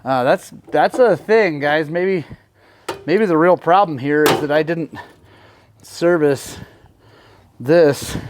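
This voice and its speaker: A man talking casually to the camera in his garage workshop, excitable and quick to swing between frustration and joy while working on a bike. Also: a little high. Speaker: motorcycle vlogger.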